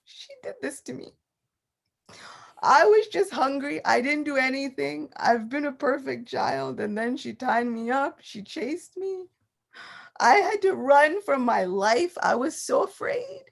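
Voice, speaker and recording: Sulky toddler boy, high and sobbing , as a woman puts him on. Pitched well above her own voice. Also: lively intonation, moderate pace. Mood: whining tearful. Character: whiny tearful toddler boy Krishna, sulking.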